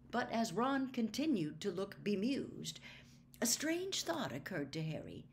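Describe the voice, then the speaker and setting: A woman reading a storybook aloud in a measured, expressive way. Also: mid-range voice. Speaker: audiobook reader.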